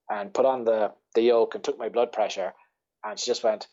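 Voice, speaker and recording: A man's voice: fairly low pitch, fairly even intonation, fairly quick, dark tone, dull audio. A man with an Irish accent, a podcast guest telling a rambling story in casual chat, swearing freely and laughing as he goes. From Ireland. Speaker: podcast guest, ultra-runner.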